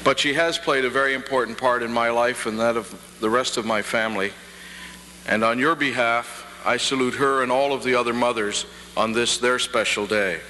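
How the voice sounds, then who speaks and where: A middle-aged man from Prince Edward Island giving a formal convocation address at a podium, with measured pacing and dry humor. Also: medium pitch, steady tone, bright, forceful tone. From Prince Edward Island, Canada. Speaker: convocation speaker. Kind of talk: formal ceremonial address with jokes. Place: large hall. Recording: reverberant hall, faint hum, 1990 archive.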